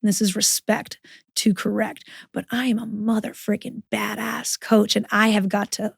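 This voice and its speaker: A woman guest on a podcast, telling a personal story frankly, with plenty of swearing and animated quoting of her own thoughts. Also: medium pitch, normal speed, vocal fry, slightly rough, no echo, clean studio sound. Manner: frank and profane, animated retelling with quoted inner voice. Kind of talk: candid conversational storytelling.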